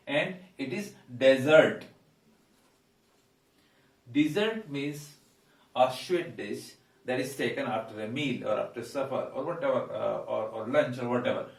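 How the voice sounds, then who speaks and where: Male English tutor, mid pitch, filler-heavy, roomy distant sound. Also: gravelly. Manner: hesitant, many fillers, repeats words slowly. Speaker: English teacher. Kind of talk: pronunciation lesson. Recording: echoey room, voice away from mic.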